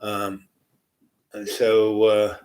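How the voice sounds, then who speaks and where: An older man with a somewhat low voice spins a long, meandering personal story. He wanders through asides and fillers, circling back to the thread again and again. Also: monotone, extremely slow, darkish tone.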